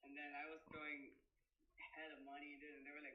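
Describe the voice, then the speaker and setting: A man's voice: on the high side, fairly even intonation, quick pace, recorded from a distance. A young man hosting a live stream, chatting casually, full of slang and swearing. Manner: slangy, swears a lot, rambling. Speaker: stream host. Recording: echoey room, off-mic, dull sound.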